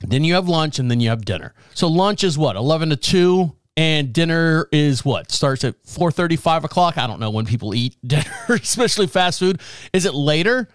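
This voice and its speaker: A man in his forties with a fairly high voice hosts his show in a loose, rambling monologue, cracking jokes and laughing at them. He is recorded close up with a dry sound and no room echo. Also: expressive, normal speed. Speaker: podcast host. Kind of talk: casual talk show monologue.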